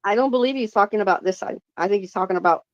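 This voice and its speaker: A woman's voice: mid-range voice, very fast, dry recording. Older woman on a dull line. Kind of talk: casual chat.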